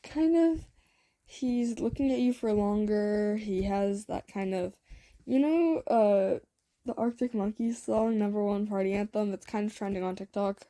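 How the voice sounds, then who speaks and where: A young woman tells a homemade love story in a loose, rambling chat, trailing off into fillers and little laughs. Her voice is mellow and warm at a middle pitch. The recording is dry and close. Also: measured pace, no room sound. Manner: rambling, filler-heavy, giggly. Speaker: fan audio story creator. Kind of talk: casual storytelling narration.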